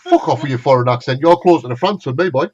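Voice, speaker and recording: A man's voice: mid-range voice, lively intonation, fast talker, a little mellow, dull audio. A man with a North East English accent telling swearing, laughing stories in casual chat with friends. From North East England. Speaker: gamer chatting with friends on a stream.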